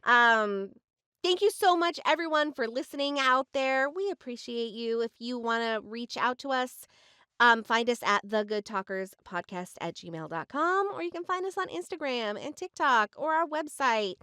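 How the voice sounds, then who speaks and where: A woman's voice: a little high, normal speed, pushed and bright, clear, resonant tone, no room sound, clean studio sound. A woman in her sixties with a New Zealand accent, hosting a casual podcast and wrapping up the show in an upbeat way. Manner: upbeat, wraps up with plugs and thanks. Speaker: podcast host. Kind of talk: casual chat.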